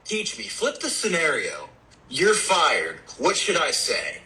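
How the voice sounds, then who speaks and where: A man co-hosting a podcast, joking and playing along in relaxed, casual chat. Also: on the high side, takes it slowly, rough recording. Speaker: podcast co-host.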